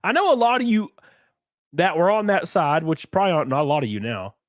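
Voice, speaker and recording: Hosting his livestream, this Alabama man, congested from a runny nose, goes on an animated rant that's casual, crude, and mocking. His Southern voice sits fairly high and moves at a quick clip. The recording is dry and studio-clean.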